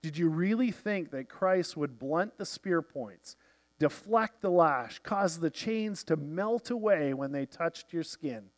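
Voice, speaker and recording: A man narrating a novel in the first person, measured and reflective, letting lines fade softly. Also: high-pitched. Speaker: audiobook narrator.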